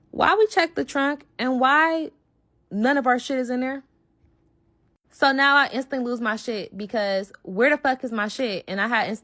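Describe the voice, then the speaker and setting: A young woman telling a storytime in a casual, animated way, with heavy swearing and slang, voicing the people she quotes. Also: mid-range voice. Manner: animated, profane, slangy retelling with quoted voices.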